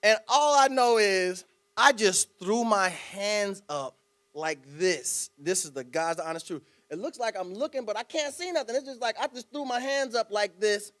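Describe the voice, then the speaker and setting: A man with a very high, bright voice tells a story to a club audience. He acts it out with dramatic pauses and punchy spoken sound effects. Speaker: guest speaker. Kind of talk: speech telling a story.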